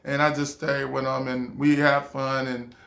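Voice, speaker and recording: A man's voice: medium pitch, level tone, measured pace, creaky, fairly bright tone, reverberant, voice pushed down. A man voicing a brash young New York woman who talks breezily and boasts that nobody will mess with her. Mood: breezy.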